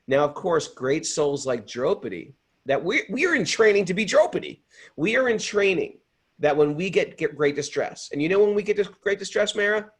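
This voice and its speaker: A man hosting a spiritual talk, telling a story in an animated, earnest way. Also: sits high, normal speed, husky. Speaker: host. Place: home in upstate New York.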